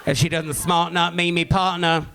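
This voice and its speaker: A man voicing a mild, understated British police officer who speaks slowly and flatly. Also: a little high, creaky, a faint crowd, a little hiss or hum. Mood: deadpan.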